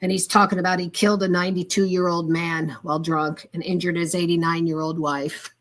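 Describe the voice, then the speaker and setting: A woman's voice: lowish voice, little pitch movement, brisk. An older woman as a guest in conversation, telling an earnest, heartfelt story from her volunteer work. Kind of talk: casual conversation.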